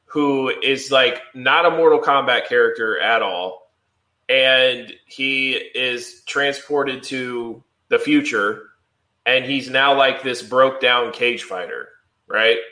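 A man co-hosting a podcast, talking in a loose, rambling way with a steady stream of fillers. His voice is bright, and the room rings with echo. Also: medium pitch, slow. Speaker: podcast co-host. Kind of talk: casual chat.

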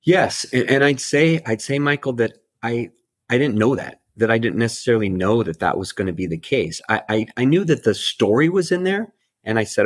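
A man's voice: medium pitch, expressive, normal speed. A middle-aged man, an author and life coach, talking reflectively in an interview and often repeating words as he restarts.

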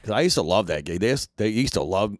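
A man hosting a casual podcast chat, laid-back and quick to laugh. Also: fairly low pitch, animated, no room sound, studio quality. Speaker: podcast host.

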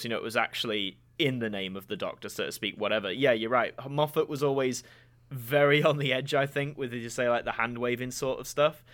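A man hosting a podcast, chatting casually and enthusiastically with a guest, with animated, mocking asides. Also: mid-range voice. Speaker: podcast host. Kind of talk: casual fan discussion.

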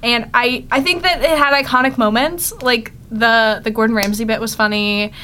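A young woman with a fairly high voice co-hosts a podcast. She retells plots in a loose, giggly way, full of "like." A faint low hum sits under the recording. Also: fairly even intonation, normal speed, sharp tone. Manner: giggly, lots of filler "like". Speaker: podcast co-host. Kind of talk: casual chat recapping episodes.

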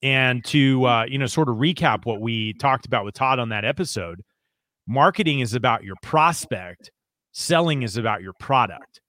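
An American man co-hosting a podcast, talking casually about marketing with quick asides and lots of restarts. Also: medium pitch, expressive, pushed and bright, dry recording, studio quality. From United States. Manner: chatty, quick asides, frequent fillers and restarts. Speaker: podcast co-host.

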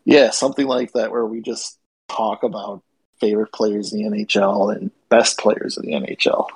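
A man's voice: fairly low pitch, steady tone, normal speed, slightly rough, no echo, rough recording. A man co-hosting a casual sports podcast, opinionated and teasing his co-host.

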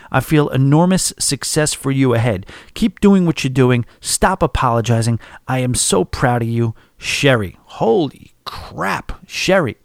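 A man's voice: mid-range voice, no echo, studio quality. A man hosting a podcast, chatting casually and reading listener emails aloud in a self-deprecating, rambling way. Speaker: podcast host.

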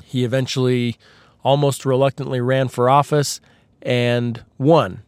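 A man hosts his podcast in a casual, rambling monologue full of sarcastic jokes and asides. His voice is mid-pitched and a touch husky from a tickle in his throat. The sound is close and dry, with no room echo. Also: flat delivery, unhurried. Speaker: podcast host. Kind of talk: casual comedic storytelling monologue.

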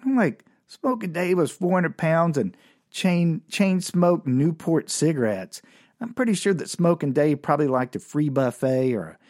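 A man's voice: dry recording, studio quality. Rambling man telling comic tales. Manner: rambling, self-mocking, with animated swings in pitch. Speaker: comedian and storyteller. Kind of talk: comic storytelling monologue.

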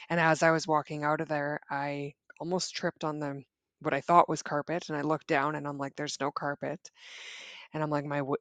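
A woman, a guest, tells her own story in a halting way, with many restarts and fillers. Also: sits low, fairly bright tone, no room sound. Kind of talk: personal storytelling.

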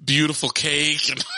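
A man's voice: a little high, dry recording. A man in his thirties telling a family story in casual chat, acting out quotes and laughing often. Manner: animated, laughing, acts out quotes.

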